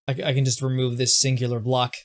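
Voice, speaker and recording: In a completely flat delivery and a mid-range voice, a young streamer provides casual gameplay commentary. He mocks himself and regularly trips on his words, restarting them quickly.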